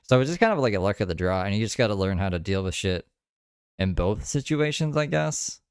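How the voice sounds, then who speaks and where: A man's voice: on the low side, expressive, a little fast, clean tone, no room sound, studio quality. A man hosting a podcast, rambling in crude, casual commentary with lots of filler words. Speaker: podcast host.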